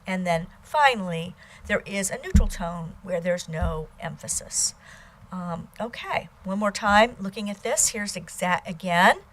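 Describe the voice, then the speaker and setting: Woman, language teacher, recorded lecture, unhurried pace, pauses with ums. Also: mid-range voice, expressive, a bit bright. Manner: slow and deliberate, with uhs and ums; sings out the example syllables.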